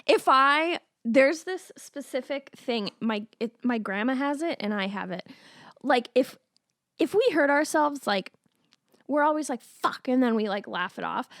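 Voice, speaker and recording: A woman's voice: fairly high pitch, lively intonation, measured pace, dry recording, clean studio sound. A young woman co-hosting a podcast in casual chat, laughing often, swearing, and acting out her angry outbursts. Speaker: podcast co-host.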